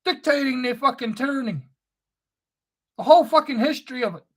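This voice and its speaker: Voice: high-pitched, expressive, brisk. A speaker delivering an angry, profane, sneering spoken-word rant.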